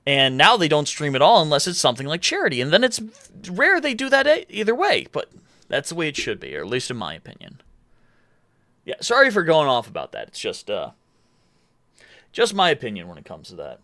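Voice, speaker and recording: Lively rambling young streamer guy. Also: on the high side, brisk, no room sound, studio quality. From United States. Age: 20s. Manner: rambling, self-correcting, reads chat aloud. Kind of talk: casual live-stream chat.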